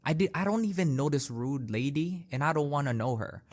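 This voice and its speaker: A man's voice: a little high, expressive, darkish tone. A young man hosting a podcast, telling personal stories in a casual way, with lots of "like" and restarts. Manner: unhurried, filler-heavy, with many "like"s and restarts. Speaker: podcast host. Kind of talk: casual storytelling monologue.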